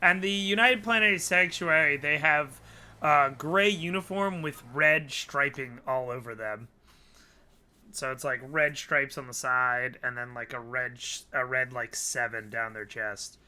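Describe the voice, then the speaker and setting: Man, game master, bright tone, slow pace, laughs a lot. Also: mid-range voice, clear, resonant tone. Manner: laughing often, drawn-out narration. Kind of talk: narrating a tabletop game. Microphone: remote call mic.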